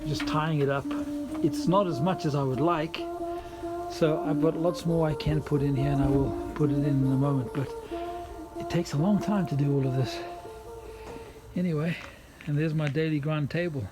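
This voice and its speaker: A man's voice: fairly high pitch, fairly even intonation, normal speed, over loud music. A South African-born man vlogging outdoors, chatting casually and laughing often as he tells a tired, rambling story. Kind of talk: casual vlog chat. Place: outdoors, garden and yard.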